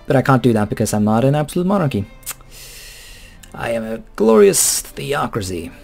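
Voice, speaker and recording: A man's voice: medium pitch, big pitch swings, moderate pace, creaky, a little mellow, soft background music. A man giving casual, rambling commentary over a strategy game, chuckling and swearing offhandedly. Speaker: let's play host.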